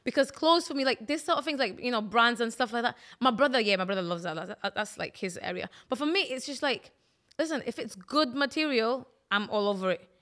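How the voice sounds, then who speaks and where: Blunt, fairly high-voiced woman co-host. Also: lively intonation, brisk, a bit bright. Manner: blunt, uses lots of fillers. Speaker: podcast co-host. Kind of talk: casual chat.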